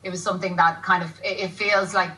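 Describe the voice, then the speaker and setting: A woman chatting about her acting work on a TV show. Her voice is bright and forward, sitting a bit low, and she laughs easily as she rambles. She sounds slightly far from the mic. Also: level tone, fast talker. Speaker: actress guest. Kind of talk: casual TV chat. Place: TV studio.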